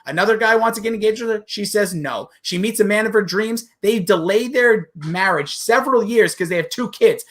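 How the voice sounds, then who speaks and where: A man's voice: high-pitched, fairly quick, hardly any pauses, a bit bright. A man co-hosting a podcast in casual chat, ranting heatedly and swearing. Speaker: podcast co-host.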